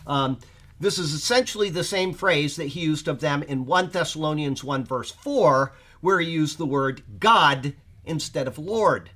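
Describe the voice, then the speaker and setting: Man, Bible teacher, fairly high voice, informal study session, checks in with listeners, thinks aloud. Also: measured pace, pushed and bright. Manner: checks in with listeners, often asking "okay?"; thinks aloud with fillers while explaining.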